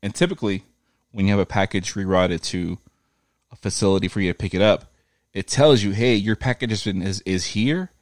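A man's voice: on the low side, fairly quick, dry recording, studio quality. A man casually telling a profane story in a chat, acting out the people in it. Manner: profane, animated retelling with quoted voices.

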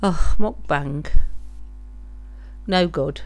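A woman's voice: low voice, drawn-out words. A woman co-hosting a casual podcast chat, plain-spoken and unbothered. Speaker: podcast co-host.

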